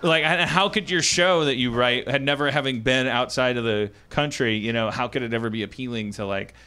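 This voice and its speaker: A man's voice: medium pitch, fairly quick. Rambling, stammering podcast host man. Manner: rambling, full of stammered restarts. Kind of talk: casual comedy chat.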